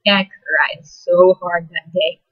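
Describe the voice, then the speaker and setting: Soft, husky teen girl, halting. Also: on the low side, steady tone. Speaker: vlogger. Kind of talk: personal storytelling. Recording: dull lo-fi recording.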